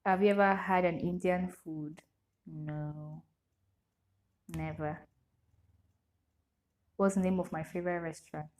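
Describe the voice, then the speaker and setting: A woman's voice: fairly low pitch, steady tone, unhurried, pauses often, a little mellow. A young woman with a Nigerian English accent, vlogging in a casual question-and-answer chat, reading each question aloud and answering it with frequent laughter.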